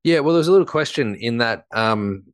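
A man in his fifties, a guest expert on a podcast, easygoing and quick to laugh as he explains through anecdotes. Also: mid-range voice, lively intonation, clear, resonant tone, no echo. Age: 50s. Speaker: gut health expert guest. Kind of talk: casual conversational interview.

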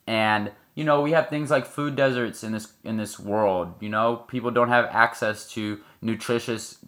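A man's voice: on the low side, fairly even intonation, normal speed, fairly bright tone. A man giving blunt, profane opinion commentary to camera. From United States. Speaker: online commentator.

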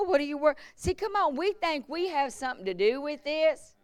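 A woman evangelist preaching at a church revival, moving from hushed storytelling to shouted emphasis. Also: high-pitched, animated, brisk, no echo. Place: church service.

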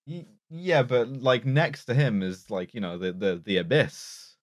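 A man co-hosting a casual podcast, joking and halting with frequent restarts. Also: mid-range voice, no room sound, studio quality.

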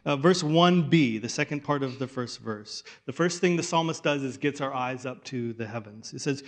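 A man preaching a sermon in a conversational way, restarting phrases and dropping to a hush for weight. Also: medium pitch, moderate pace, hardly any pauses. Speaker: pastor.

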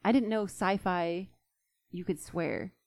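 A woman's voice: on the low side, slow, a little mellow, dry recording. A woman co-hosting a casual chat who rambles and trails off.

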